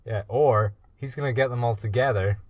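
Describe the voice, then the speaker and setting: A man's voice: medium pitch, moderate pace, dry recording. A man co-hosting a casual podcast, joking in a dry, offhand and contrary way. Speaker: podcast co-host. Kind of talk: casual chat.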